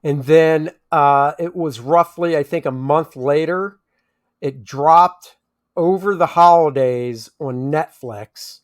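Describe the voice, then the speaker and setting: A man's voice: a little high, takes it slowly. A man co-hosting a casual movie review chat, rambling and often restarting as he searches for names. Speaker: movie review podcast co-host.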